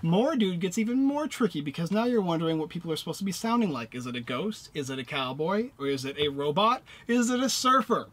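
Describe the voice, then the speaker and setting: A man casually reviewing a board game and walking through its rules, lively and playful as he demonstrates. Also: high voice, fast talker, hardly any pauses.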